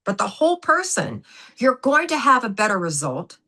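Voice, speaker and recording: Bright, animated woman telling stories. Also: fairly high pitch, normal speed. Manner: animated, emphatic storyteller who acts out quotes. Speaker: guest, former gymnastics coach. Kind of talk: storytelling in a podcast interview.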